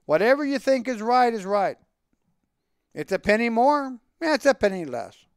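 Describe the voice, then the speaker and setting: A poor, good-humoured milkman speaks in folksy sayings and proverbs, as a man reads his lines. His voice is high and animated, with a smooth, resonant tone. It is recorded close and dry. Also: moderate pace, no room sound, full character voice.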